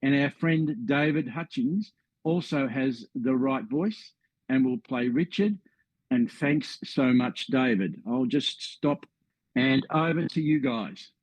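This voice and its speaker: A man's voice: medium pitch, slow, no echo, poor audio. Australian man telling a history story. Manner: friendly, wry asides. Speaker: presenter of a history talk. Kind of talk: storytelling presentation.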